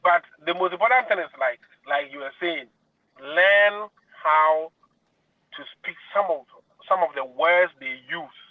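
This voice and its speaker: A man speaks as a guest teacher, laughing easily and tripping over his words. His voice sits a little high. He comes through a tinny, dry phone line. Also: unhurried, no room sound. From Ghana. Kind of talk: casual conversation.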